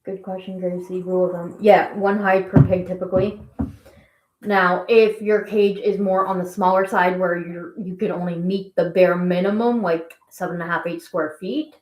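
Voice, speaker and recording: A woman's voice: on the low side, fairly even intonation, normal speed, a little mellow. A woman hosting a casual live stream, chatting and rambling as she answers viewer questions. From Canada. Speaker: guinea pig channel host. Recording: echoey room.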